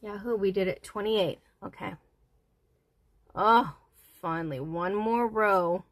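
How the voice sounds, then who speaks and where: A woman hosting a casual crochet livestream, counting stitches softly under her breath and chatting with viewers. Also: mid-range voice, takes it slowly, dry recording. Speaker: livestream host.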